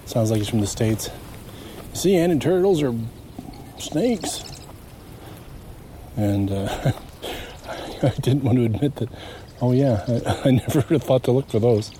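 This is a dark-toned, medium-pitched man speaking at normal speed with fairly even intonation and frequent pauses. He's a nature walk vlogger chatting to himself on a marsh walk, rambling and chuckling at his own stories, recorded outdoors with a little hiss or hum.

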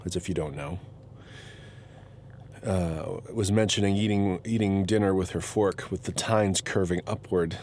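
Speaking in an unhurried, steady, low-pitched voice, a blogger rambles chattily in his vlog, frequently stopping mid-thought to begin again. Loud road noise runs beneath the recording.

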